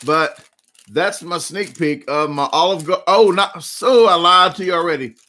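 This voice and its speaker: A man in his forties with a Southern US accent rambles through jokey stories on a casual livestream. His voice sits a little high and sounds bright and forceful. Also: normal speed. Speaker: livestream host. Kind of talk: casual live chat.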